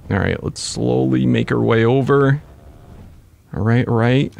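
Excitable gravelly-voiced man gaming. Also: mid-range voice, unhurried, pauses often. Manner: excitable, swings into loud frustrated outbursts. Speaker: let's play gamer. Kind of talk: gameplay commentary.

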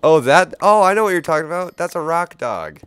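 A man getting over a cold, chatting casually while playing a game and telling animated stories with lots of laughing. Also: a little high, brisk, clear, resonant tone, no echo. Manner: animated storyteller, laughs often. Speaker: gamer. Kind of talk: casual gameplay chat.

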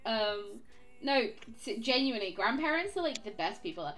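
Animated girl streaming, high voice, laughs a lot, faint music behind. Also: normal speed. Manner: animated, giggly, swearing storyteller. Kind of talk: casual chat while gaming.

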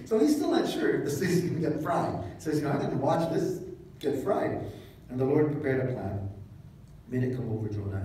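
A man preaching a sermon as pastor, retelling scripture in a casual, joking way with animated asides. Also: medium pitch, slight background noise. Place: church hall. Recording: echoey hall, mic at a distance.

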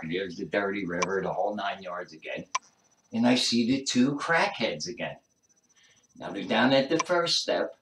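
A man's voice: mid-range voice, fairly bright tone, recorded from a distance, a little hiss or hum. A man telling a rambling stand-up story, circling back and repeating himself as he goes. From New Jersey. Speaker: comedian. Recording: echoey room, voice off-mic.

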